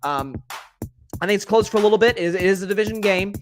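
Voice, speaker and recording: A man's voice: sits high, quick pace, music in the background. A man hosting a solo sports talk show, opinionated and conversational, often restarting his sentences. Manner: conversational, frequent restarts and stammers, opinionated predictions. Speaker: sports podcast host.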